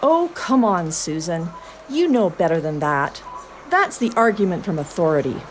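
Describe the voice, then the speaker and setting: A woman's voice: on the low side, very animated, normal speed, slight background noise. A woman playing an upbeat, know-it-all version of herself in a comedy skit. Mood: lecturing. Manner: bouncy, playful skit acting.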